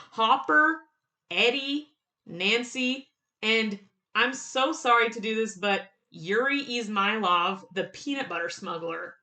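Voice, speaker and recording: A woman giving casual, excited fan commentary on a TV show, laughing often and quoting lines in quick bursts. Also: fairly high pitch.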